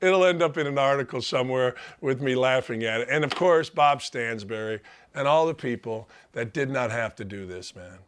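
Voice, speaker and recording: Emotional man, bright voice. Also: medium pitch, normal speed, clear, resonant tone. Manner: heartfelt, tearful gratitude. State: choked up, near tears. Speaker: sports talk show host. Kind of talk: emotional monologue.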